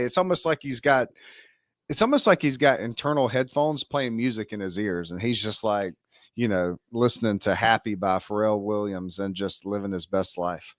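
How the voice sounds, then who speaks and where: A man co-hosting a casual business webinar, chatting in an upbeat way with quick asides. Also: lowish voice, no room sound, studio quality. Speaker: webinar co-host.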